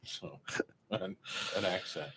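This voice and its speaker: A soft-spoken man co-hosting a casual chat show, mostly agreeing with his partner. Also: sits low, steady tone, slow pace, a little hiss or hum. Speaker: co-host.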